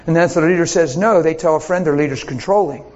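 High-voiced pastor telling a story. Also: male voice, fast talker, long reverb tail, lo-fi sound. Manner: animated, laughing storyteller. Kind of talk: sermon with storytelling.

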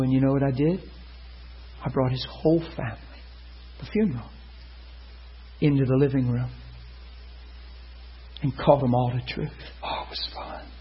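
A man preaching a sermon, telling a story and acting out the people in it with sudden loud high bursts. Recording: muffled lo-fi sound.

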